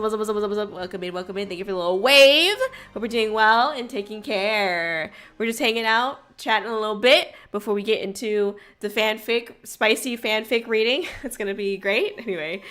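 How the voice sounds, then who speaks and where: A young woman hosting a casual livestream, bubbly and chaotic, greeting her chat loudly and laughing often. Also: a little high, normal speed, clean tone. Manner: frequent laughter. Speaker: streamer host.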